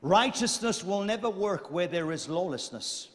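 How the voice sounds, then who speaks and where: A man preaching a sermon emphatically, repeating phrases and swinging from quiet to loud. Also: sits high, lively intonation, moderate pace. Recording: long hall reverb.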